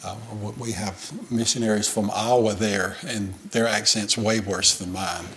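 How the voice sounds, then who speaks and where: A man's voice: on the low side, fairly even intonation, a little slow, background noise. A man from Alabama with a Southern accent, a missionary telling a church about his work in a folksy, conversational way with frequent fillers. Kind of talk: church presentation with Q&A.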